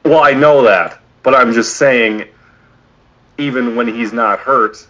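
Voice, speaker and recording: A man's voice: mid-range voice, slow, sharp tone. A man co-hosting a podcast in casual chat, opinionated and rambling. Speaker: podcast co-host. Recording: dull lo-fi podcast audio.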